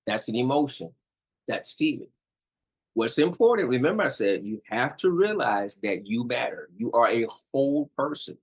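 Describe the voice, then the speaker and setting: A middle-aged man with a mid-range, slightly rough, sing-song voice speaks at a moderate pace on a rough recording. In a casual instructional talk to viewers about relationship communication, he's emphatic, repeats points, and keeps asking "all right?".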